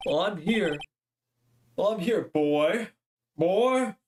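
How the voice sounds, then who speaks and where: A man's voice: high voice, lively intonation, very slow, husky, pitched above the performer's own voice, heavily acted. A man voicing a pompous older male lawyer who talks down to the young man he speaks to. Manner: self-important, talks down, calls others boy and son.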